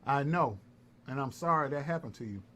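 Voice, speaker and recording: A man's voice: mid-range voice, fairly quick. A man from North Carolina, taunting and repeating himself in a heated livestream callout. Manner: taunting, repetitive, animated. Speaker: live-stream commentator. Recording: faint background noise.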